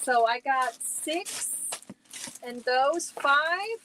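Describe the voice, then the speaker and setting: Female host, bright higher register, relaxed slow chatty delivery, casual at-home stream. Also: slight background noise, low-quality recording. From Germany. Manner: chatty, reacts to viewer comments while showing yarn. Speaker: crochet livestream host. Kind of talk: casual livestream chat.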